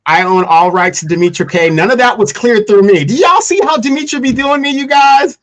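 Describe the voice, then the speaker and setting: A man's voice: very high voice, expressive, fairly quick. A man hosts a political livestream. He lays out pointed, lecturing arguments and drops in sarcastic asides. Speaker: livestream host. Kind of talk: casual political commentary.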